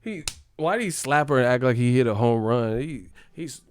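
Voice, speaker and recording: A man chatting casually on a livestream, animated and profane, laughing often. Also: medium pitch, moderate pace, clear, resonant tone, faint music behind.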